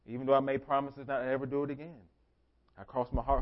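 A man preaching a sermon as pastor, emphatic, repeating his phrases and swinging between soft and loud delivery. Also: medium pitch, little pitch movement, quick pace, muffled recording.

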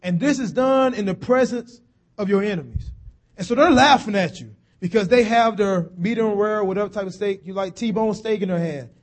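A man preaches a sermon in a folksy, chatty manner, slowing down and dropping his voice low on key phrases and rising when he wants emphasis.

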